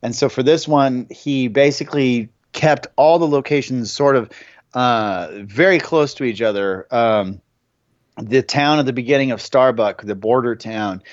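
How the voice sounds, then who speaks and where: A man hosting a podcast, telling film production anecdotes in a casual, halting way. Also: mid-range voice, no echo, dull audio. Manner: anecdotal, many restarts and fillers. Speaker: podcast host.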